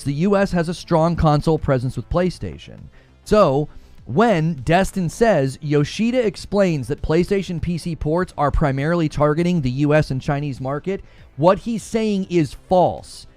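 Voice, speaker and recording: A man's voice: on the high side, very animated, moderate pace, a little mellow, dry recording, faint music behind. A man hosting a live gaming-news stream, talking emphatically, often stumbling and repeating himself, and reading chat questions aloud. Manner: emphatic, repetitive, stumbles over words.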